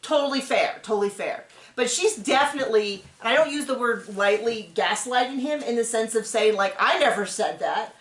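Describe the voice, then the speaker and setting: A woman hosts a casual reality show recap, talking animatedly and acting out in voices what people on the show said. Her voice is fairly high at a moderate pace, and the sound is reverberant.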